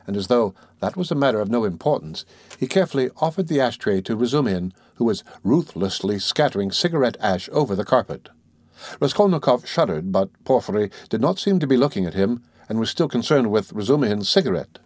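A man narrating a novel in a steady, measured reading. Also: fairly low pitch, no echo. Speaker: audiobook narrator. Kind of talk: scripted narration.

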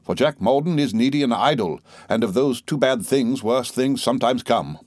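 A man voicing a gentle, absent-minded old male schoolmaster in a mild, earnest way. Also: mid-range voice, normal speed, no echo, close to an everyday voice.

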